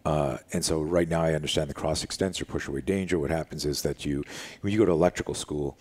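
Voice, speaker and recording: A middle-aged self-defense instructor tells a story in casual conversation in a living room, animatedly acting out the voices of the people involved. His voice is extremely low, husky, and quick.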